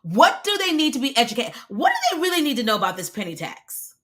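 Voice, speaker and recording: A woman's voice: high-pitched, sing-song, fast, fairly bright tone. A woman in her forties with an American accent, giving an emphatic live-streamed coaching talk as a video visibility coach and talking to viewers in the comments. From United States.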